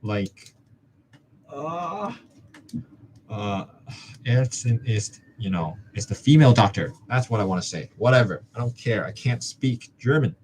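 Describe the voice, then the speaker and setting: Young man from Hong Kong, muttering self-talk, slow unhurried pace, faint background noise. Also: mid-range voice, expressive. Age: young adult. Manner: muttering, joking to himself. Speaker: student vlogger.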